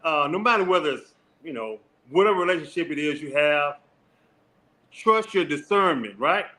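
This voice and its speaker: A man offers calm, reflective advice on a casual talk show. His voice sits a bit high, and he keeps checking in with his listeners as he speaks. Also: normal speed. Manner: calm, encouraging, asks "right?" often.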